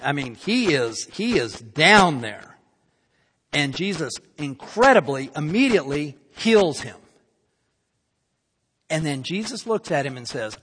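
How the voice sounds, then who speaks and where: A man preaching a sermon, lively and emphatic, acting out quoted lines as he teaches. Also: fairly high pitch. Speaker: pastor. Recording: long hall reverb, faint noise.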